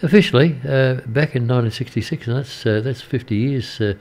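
An older Australian man presenting a community radio show, telling an anecdote in casual radio chat, rambling and hesitant with many pauses. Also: mid-range voice, a little mellow. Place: radio studio.

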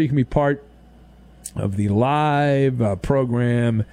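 A man's voice: mid-range voice, slow pace, no echo. A man hosting a sports talk radio show, riffing sarcastically and mockingly in a studio monologue. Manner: sarcastic, mocking, animated riffs.

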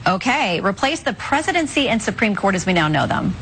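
A woman interviewer asking brisk, pointed true-or-false questions. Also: medium pitch, big pitch swings, fairly bright tone, slight background noise.

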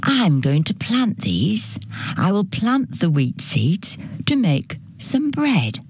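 A woman's voice: mid-range voice, sing-song, slow pace, a little mellow, husky, dry recording, full character voice. A woman voicing a hardworking little hen who keeps politely asking for help in a storybook reading. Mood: pleading. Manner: pleading, polite, then firm.

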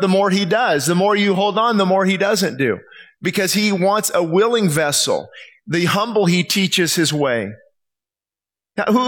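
Preacher guy w a high voice, acts out bible quotes, lively sermon. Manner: animated, acts out scripture quotes.

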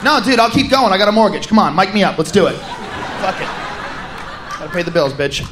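A man's voice: high-pitched, big pitch swings, brisk. A man doing a rowdy, profane stand-up routine on stage before a live audience. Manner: loud, profane, rowdy delivery. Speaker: stand-up comedian. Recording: live show recording with crowd noise.

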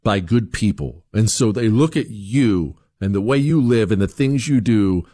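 A male political commentator host speaks a little slowly, straight to his listeners, his voice leaping up and down in pitch in an emphatic, animated monologue. He fires off rhetorical questions, acts out quoted voices, and repeats words and restarts phrases to push his points. The sound is dry and close, with no room sound at all.

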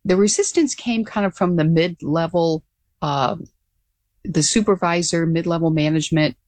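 An older woman being interviewed as a guest, telling her story in an earnest, animated way with frequent restarts. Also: fairly low pitch, normal speed, no echo. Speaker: guest, former pilot.

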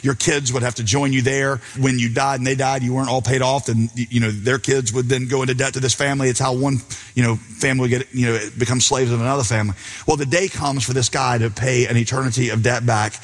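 A man's voice: medium pitch, fairly even intonation, quick pace. A man preaching a sermon, telling a story and acting out its characters' lines. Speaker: pastor. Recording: long hall reverb.

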